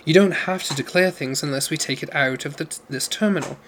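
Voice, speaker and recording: Hushed, urgent young woman read by a man, slightly raised pitch, audiobook. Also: fairly quick, a little hiss or hum, close to an everyday voice. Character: earnest young woman diamond courier, urgent. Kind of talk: audiobook character voice.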